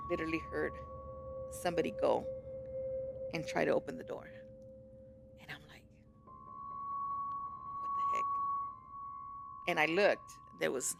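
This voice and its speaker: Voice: medium pitch, creaky. A podcast guest rambling through an account of strange events at home, often correcting themself. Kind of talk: casual storytelling. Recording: music playing behind.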